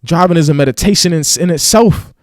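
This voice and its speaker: Casting: preachy male vlogger, slangy street talk, slightly high voice, close and dry. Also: fast, no echo. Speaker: motivational vlogger. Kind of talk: casual motivational rant.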